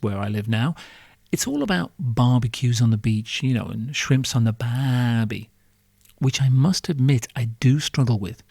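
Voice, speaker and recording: A man's voice: medium pitch, creaky, a little mellow, dry recording, clean studio sound. A man hosting a podcast, delivering a sarcastic, profane comic monologue full of rhetorical questions. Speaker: podcast host.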